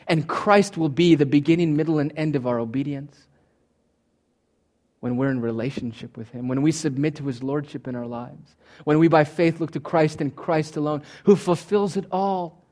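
A pastor delivers a sermon at a moderate pace, climbing to loud, emphatic peaks and then sinking into soft, low asides. At times he voices the imagined thoughts of his listeners as quotations.

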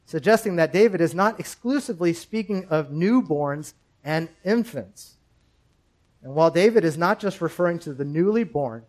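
A man delivers a sermon from the pulpit, building his points through repeated phrases and questions to the congregation. His voice sits a little higher than most men's, and his delivery stays measured and deliberate. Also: poor audio. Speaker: pastor.

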